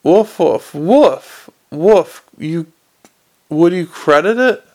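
A sour, grumbling talking dog, scruffy and sarcastic, as a man reads him out. The voice sits a little high with a gravelly rasp. It is an audiobook figure. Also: lively intonation, extremely slow, a little mellow, heavily acted. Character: grumpy scruffy talking male street dog.

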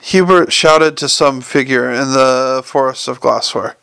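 A man's voice: medium pitch, a little slow, vocal fry, sharp tone, clear, resonant tone, no room sound. A man narrating an audiobook, reading with occasional stumbles and restarts. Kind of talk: scripted narration.

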